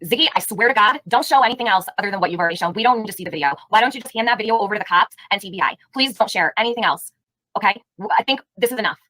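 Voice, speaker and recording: A woman's voice: medium pitch, very fast, sharp tone, dry recording, poor audio. A woman hosting a live stream, giving heated, indignant commentary and firing rhetorical questions at her chat. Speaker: livestream host.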